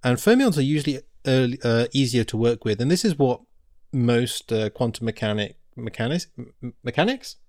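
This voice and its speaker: Here the same kind of casual science podcast co-host talks at a normal speed, chatty and tripping slightly over technical terms. He has a medium-pitched, expressive, somewhat mellow voice, captured dry in studio quality.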